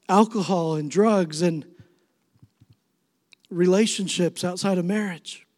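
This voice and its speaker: High-voiced male pastor in a reverberant hall. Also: takes it slowly, long pauses. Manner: preaching with swings from soft to emphatic. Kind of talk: sermon. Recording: long reverb of a large hall.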